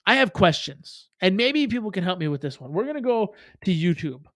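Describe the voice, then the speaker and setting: A man with a high voice hosts his livestream in a loose, rambling way, full of swearing and laughing asides. The sound is close and dry, with no room around it. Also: sing-song, a little fast, fairly bright tone, no room sound. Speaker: livestream host. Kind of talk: casual livestream chat.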